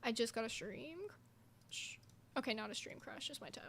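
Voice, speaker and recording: A woman's voice: a little high, moderate pace, a bit bright, a little hiss or hum. A woman hosting a livestream chat, talking bluntly and swearing often while reading viewer comments. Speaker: show host.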